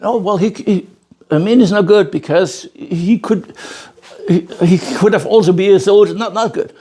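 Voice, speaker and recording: Emphatic older man lecturing, fairly high voice. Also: moderate pace, warm tone, husky. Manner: emphatic storyteller, many restarts and repeated words; checks in with the audience with a frequent "okay?". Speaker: bonsai masterclass teacher. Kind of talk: spoken lecture to a class.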